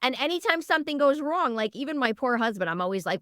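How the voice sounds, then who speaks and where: A woman guest on a podcast, chatting casually and telling stories in an animated, earnest way. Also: high voice, a little fast, hardly any pauses, dry recording, clean studio sound. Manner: animated storyteller, lively and earnest. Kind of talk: casual interview chat.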